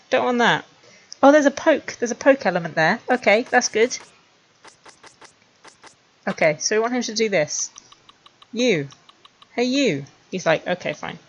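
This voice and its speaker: A woman streamer chatting wryly to herself as she builds animated scenes, laughing at her own jokes. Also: a little high, lo-fi sound. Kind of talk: casual commentary while making a 3D animation.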